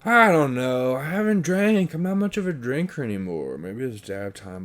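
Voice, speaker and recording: A man's voice: mid-range voice, normal speed, hardly any pauses, fairly bright tone. A man hosting a solo podcast, rambling in a meandering, profane stream of consciousness. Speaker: podcast host.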